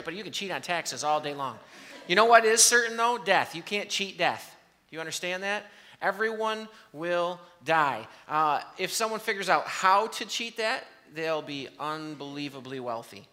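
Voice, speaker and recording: Male pastor, high voice, sermon delivery, quizzes and banters with the room. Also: sharp tone. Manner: asks the congregation questions and banters with them.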